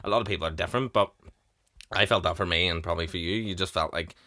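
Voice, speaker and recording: A young man in his twenties hosts a relaxed podcast chat. His voice sits low yet sounds bright and forceful. He laughs easily and slips into little impressions of people he's quoting. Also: quick pace. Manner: chatty, laughs often, acts out quotes. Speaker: podcast host. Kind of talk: casual chat.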